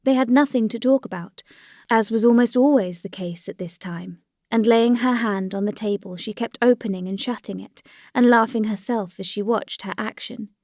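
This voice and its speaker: Reading from a classic novel, this woman narrates an audiobook in a steady, measured style. Her voice is a little high, and the scripted reading is captured with clean studio sound and no room sound.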